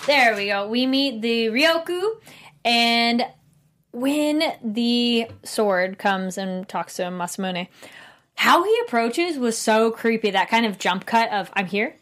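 A woman hosting a casual anime discussion podcast, animated and quick to laugh, acting out quoted lines. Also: a little high. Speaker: podcast host.

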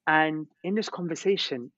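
A man telling religious stories in an animated, slangy way, repeating words as he goes. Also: fairly high pitch, normal speed, no echo. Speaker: Islamic preacher. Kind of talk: storytelling religious talk. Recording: dull, lo-fi sound.

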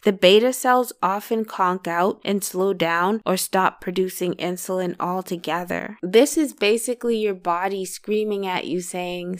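A woman giving a calm health lesson that explains each point and then goes over it again. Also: mid-range voice, no room sound, clean studio sound. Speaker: health educator.

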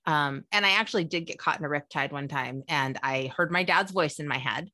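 A woman co-hosting a podcast and speaking as a therapist, chatty and animated, laughing often. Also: low voice, a little fast, noisy background. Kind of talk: casual podcast chat.

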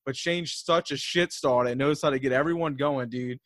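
Here the Southern-accented podcast host speaks briskly, his mid-range voice fairly bright, in a clean studio setting without echo. He spins loose, profane tales heavy with "like" and punctuated by plenty of laughs.

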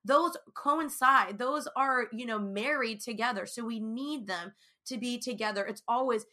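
A woman's voice: fairly high pitch, moderate pace, bright, forceful tone. A young woman talking casually and earnestly to viewers about her faith, with many fillers. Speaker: Christian speaker sharing her testimony.

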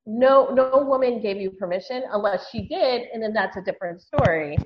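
A woman's voice: a little high, expressive, normal speed, muffled recording, background noise. Frank, chatty woman guest. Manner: chatty, frank, laughs often. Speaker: dating venture founder, guest. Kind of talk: casual podcast chat.

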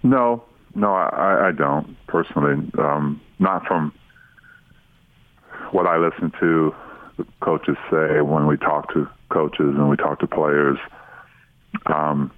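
A man talking basketball as a guest on a sports radio show, easygoing and halting with restarts. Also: very deep voice, no echo, narrow, tinny audio. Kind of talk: casual radio chat.

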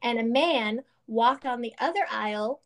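A woman's voice: on the high side, normal speed. A woman in her thirties, co-hosting a casual chat and telling stories earnestly, with lots of fillers. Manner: earnest, animated storytelling with many fillers.

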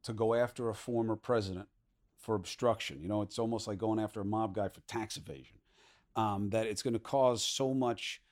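A man hosting a podcast interview, talking in a quick, conversational way with many fillers. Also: on the low side, steady tone, darkish tone. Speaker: podcast host.

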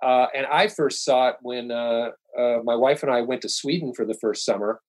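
A man's voice: mid-range voice, normal speed, low-quality recording. A middle-aged man, a podcast guest, telling stories in casual chat and rambling through restarts and fillers.

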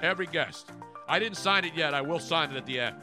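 A man's voice: on the high side, fast, music in the background. A man hosting a sports podcast in casual chat, blunt and opinionated, cutting in over his co-hosts. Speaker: podcast host.

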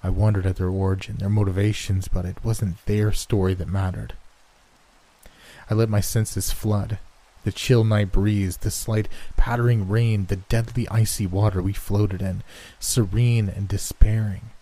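A man narrating a first-person horror story in a measured, somber way. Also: lowish voice, flat delivery, mellow, poor audio.

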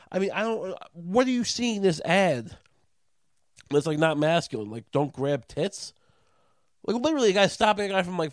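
A man on a sarcastic, profane comedic rant, his voice jumping high when he gets indignant. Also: dry recording.

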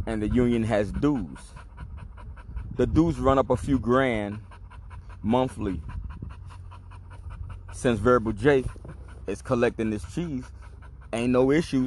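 A man's voice: medium pitch, a little hiss or hum. A man hosting a podcast, telling a rambling story in casual slang with plenty of swearing. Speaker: podcast host.

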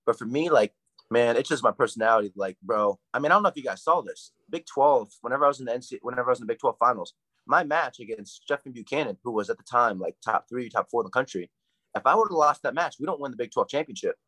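A young man, a college wrestler, chatting fast and hyped in a casual interview, rambling with lots of fillers. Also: mid-range voice, lively intonation, a bit bright, no echo, poor audio. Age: young adult.

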